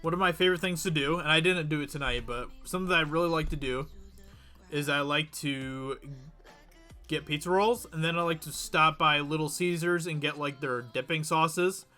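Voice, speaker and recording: A man hosts a livestream, chatting casually and giggling as he answers viewers. His voice sits fairly high and bright. Faint music plays in the background. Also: moderate pace. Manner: chatty, giggly, reads chat aloud. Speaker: livestream host.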